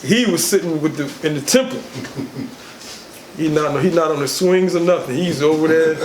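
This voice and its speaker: Guy leading bible study, casual, slightly high voice, roomy echo. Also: moderate pace, crowd noise. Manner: casual, explains verses and acts out scenes, laughs often.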